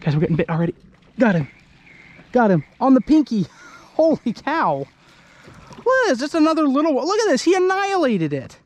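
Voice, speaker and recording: A man from Idaho giving excited, chatty commentary to the camera while fishing from a kayak on a lake. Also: extremely high pitch, fairly quick, pauses often, no echo. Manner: excitable, exclaiming, chatty with viewers. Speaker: fishing vlogger. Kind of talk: casual outdoor commentary to camera. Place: kayak on an open lake outdoors. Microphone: handheld camera.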